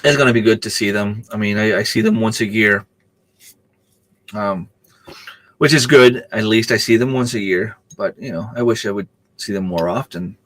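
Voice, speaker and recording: Chatty man with a low voice. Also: moderate pace, fairly bright tone. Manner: rambling, chatty, answers viewer comments aloud. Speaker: live stream host. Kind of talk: casual live-stream chat.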